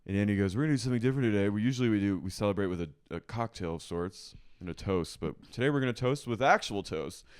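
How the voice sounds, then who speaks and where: A man co-hosting a podcast, gossiping in a casual, dramatic recap and mimicking people with shrill impressions. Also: fast talker, hardly any pauses, clean tone. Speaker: podcast co-host. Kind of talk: casual chat recapping a reality show.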